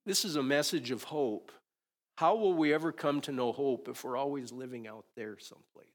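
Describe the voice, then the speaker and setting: A man preaching a conversational sermon, often asking "right?" and moving between loud and quiet. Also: mid-range voice, moderate pace. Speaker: pastor.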